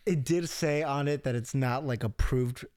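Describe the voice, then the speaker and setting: A man's voice: medium pitch, normal speed, dry recording. A young man in his twenties chatting casually, telling stories and acting out quotes with lots of swearing. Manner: animated storyteller, swears freely, acts out quotes. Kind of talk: casual chat.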